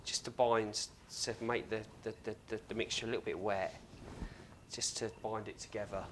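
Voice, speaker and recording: A man's voice: on the low side, steady tone, normal speed, slight background noise. A man hosting a casual cooking demonstration in a home kitchen, chatty and joking with self-mocking asides. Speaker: cooking show host.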